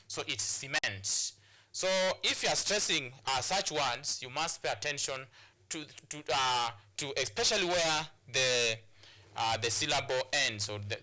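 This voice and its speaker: Male TV teacher, bright and slightly high voice, stop-start and repetitive delivery. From Kenya. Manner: repeats phrases, stop-start explaining. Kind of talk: classroom lesson on TV.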